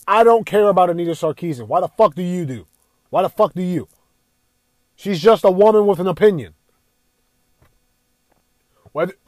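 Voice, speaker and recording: A man's voice: a little high, a little mellow, no room sound. A young man giving a profane, exasperated rant as a gaming commentator. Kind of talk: ranting commentary.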